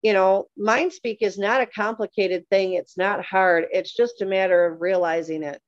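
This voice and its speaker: A woman's voice: mid-range voice, fairly even intonation, moderate pace, no echo. Woman, patient explainer, talk show guest, lo-fi muffled audio, dry. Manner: patient, teaching tone with many examples. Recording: dull, dry lo-fi sound.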